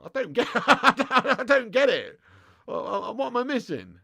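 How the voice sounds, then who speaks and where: A man's voice: very high voice, big pitch swings, measured pace, creaky, bright, forceful tone, no room sound, studio quality. A young man hosting a live football watch-along, bantering with his chat, swearing and laughing often.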